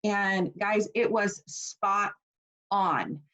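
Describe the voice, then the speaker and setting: A woman's voice: medium pitch, extremely slow, fairly bright tone, rough recording. A woman in her forties teaching a casual online class, chatty and personal with plenty of fillers. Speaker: essential oils class teacher.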